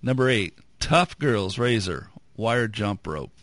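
A man's voice: fairly low pitch, animated, slow, fairly bright tone, dry recording. A man co-hosting a radio program, reading out list items and dropping dry puns. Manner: dry punning quips. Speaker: radio co-host. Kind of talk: jokey radio banter.

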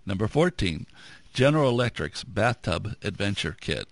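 A man co-hosting a radio show, reading items aloud and cracking dry, punning jokes. His voice sits low with a gravelly rasp and sounds dry and close to the mic. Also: sing-song, moderate pace, dry recording. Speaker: radio co-host. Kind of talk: jokey radio banter.

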